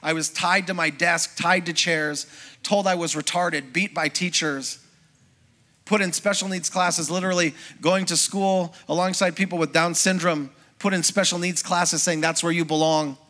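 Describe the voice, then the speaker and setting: A middle-aged man, a pastor, preaching a sermon as a lively personal testimony and acting out the voices of people in his story. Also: fairly high pitch, normal speed. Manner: storytelling, acts out quoted voices, conversational with congregation.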